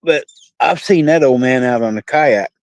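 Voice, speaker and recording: A man's voice: mid-range voice, normal speed, no room sound, poor audio. A man with a Midwestern American accent chatting casually to his live-stream viewers while fishing outdoors by a dock, rambling and folksy, reading out comments. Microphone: phone.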